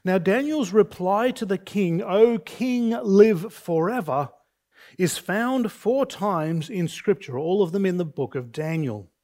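A man preaching an expository sermon, measured and deliberate, reading scripture aloud between points. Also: expressive, a little mellow. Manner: deliberate, measured preaching with slow emphatic phrases; reads scripture aloud with raised pitch for quoted speech. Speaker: pastor.

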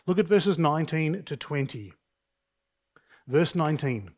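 Male preacher, somewhat high-pitched, unhurried, deliberate expository sermon. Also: lively intonation, darkish tone. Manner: deliberate, measured preaching with slow emphatic phrases; reads scripture aloud with raised pitch for quoted speech. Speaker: pastor.

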